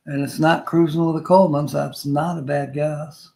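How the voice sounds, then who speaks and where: A man's voice: a little high, level tone, normal speed, gravelly, warm tone, low-quality recording. An older man hosting a casual live stream, reading viewer comments aloud and joking with a frequent chuckle.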